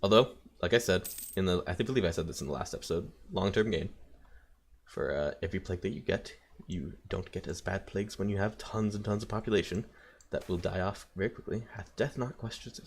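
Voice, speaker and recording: A man's voice: low voice, fairly quick. A man casually commenting while playing a strategy game, thinking aloud with wry asides. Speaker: let's play host.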